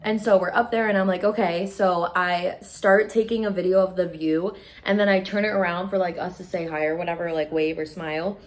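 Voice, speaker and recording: A woman's voice: on the low side, steady tone, a little fast, few pauses. A young adult woman beauty vlogger telling a story in casual chat, gushing and emotional.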